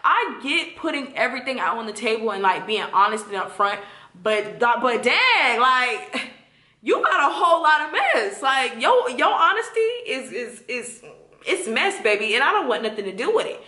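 Bright-voiced young woman telling a story. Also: on the high side, normal speed. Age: 20s. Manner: animated, talks straight to her viewers. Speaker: vlogger. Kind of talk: storytime vlog. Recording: echoey room.

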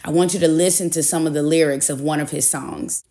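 A woman's voice: low-pitched, fairly even intonation, brisk, mellow. A woman hosting a commentary video, speaking bluntly and warning her viewers. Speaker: commentary host. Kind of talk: commentary to camera.

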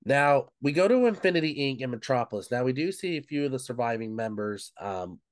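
A man's voice: medium pitch, lively intonation, fairly quick, no echo, clean studio sound. Man casually retelling a comic's plot. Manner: retells plot with frequent "um" and "of course". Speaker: book club co-host. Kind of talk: casual podcast chat.

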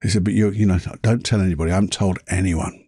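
A man's voice: sits low, steady tone, quick pace, warm tone, breathy edge, dry recording, clean studio sound. A man hosting a podcast, telling personal stories in a chatty way and laughing at his own anecdotes. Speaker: podcast host. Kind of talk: casual storytelling monologue.

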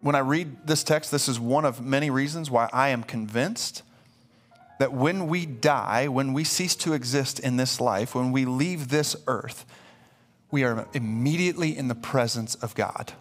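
A pastor preaches a sermon in a mid-range voice at a measured pace, growing emphatic and repeating words as his excitement builds. It comes from a live church stream with faint music in the background.

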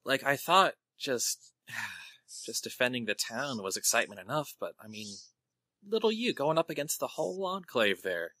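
A man's voice: mid-range voice, very animated, normal speed, sharp tone, dry recording. A man voicing a protective older mare sister, flustered and torn between scolding and fussing. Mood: exasperated fond.

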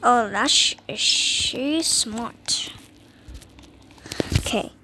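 A woman's voice: a little high, extremely slow, background noise. A woman with a sound giving jittery, dramatic commentary while playing a game, dropping to whispers and jumping to squeals. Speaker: gamer playing a horror escape game. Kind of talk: casual gameplay commentary.

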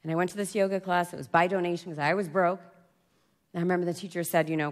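A woman giving a confessional personal-story talk at a conference, swinging from loud outbursts to hushed near-whispers. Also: sits low, flat delivery, very fast. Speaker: conference speaker. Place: conference stage before an audience.

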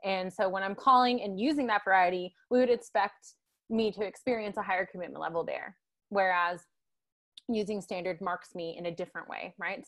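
A woman's voice: medium pitch, fairly bright tone. A woman giving a guest lecture over a video call, talking conversationally with many tag questions and fillers. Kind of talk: online lecture.

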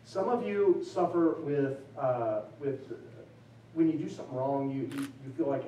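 A man giving a chapel sermon, swinging from loose, joking asides to slow, emphatic build-ups. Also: medium pitch, warm tone, a little hiss or hum. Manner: conversational preaching with emphatic rising build-ups; loose and self-deprecating, with fillers and restarts. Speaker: chapel speaker. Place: college chapel. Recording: echoey chapel, mic at a distance.

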